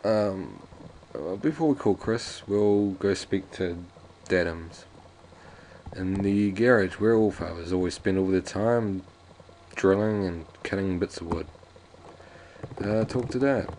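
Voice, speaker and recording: Man, deep low voice, jokey rambling game commentary, faint hiss behind. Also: slow, a little mellow. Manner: rambling, jokey, restarts often. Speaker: let's play commentator. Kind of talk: casual gameplay commentary, reading game text aloud.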